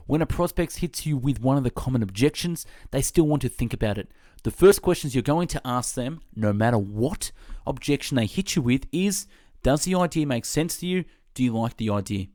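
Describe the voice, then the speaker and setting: Male narrator, average pitch, dry booth-like sound, reads a book summary in a steady teaching manner. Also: no room sound. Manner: steady, instructive reading with list-like emphasis. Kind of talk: scripted narration.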